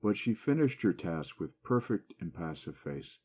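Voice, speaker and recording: A man's voice: deep voice, big pitch swings, moderate pace, lo-fi sound. A man reading a classic short story aloud as an audiobook, lifting his voice for the dialogue and dropping it for the narration.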